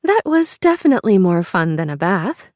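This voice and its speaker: A playful, affectionate young woman, as a female narrator puts her on for an audiobook romance. Her voice is soft, drowsy and teasing, swinging lively between high and low. The sound is dry and close. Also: normal speed, no echo, natural voice. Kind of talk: audiobook character dialogue.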